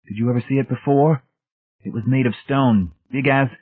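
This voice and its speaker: A man's voice: medium pitch, moderate pace, slightly rough, no room sound, voice pushed up, close to an everyday voice. A man voicing a distraught grown man who pleads and begs, raised well above his own narrating voice. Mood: bewildered. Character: anguished grown man, a lost believer pleading. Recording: tinny phone-like band.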